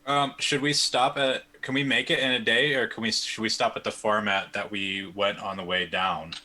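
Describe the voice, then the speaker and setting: A man's voice: on the low side, steady tone, moderate pace, pushed and bright. A man chatting casually with fellow players during a virtual tabletop game, laid-back and joking. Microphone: home microphone on a video call.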